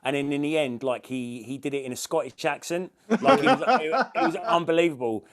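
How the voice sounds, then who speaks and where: A man's voice: a little high, animated, a little fast, a loud crowd. A young man on a podcast, telling a road-trip story casually, swearing freely. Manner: swears freely, laughs through stories. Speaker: podcast co-host. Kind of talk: casual chat.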